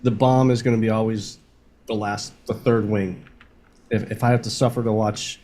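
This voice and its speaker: A man's voice: lowish voice, steady tone, normal speed, warm tone. A man co-hosting a casual sports podcast, easygoing and laughing things off as he eats hot wings on a bet. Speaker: co-host.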